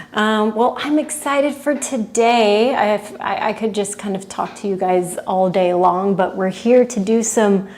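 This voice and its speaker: A woman's voice: mid-range voice, unhurried, a little mellow. A woman from California, a movement instructor, casually chatting and greeting livestream viewers by name before class, often giggling.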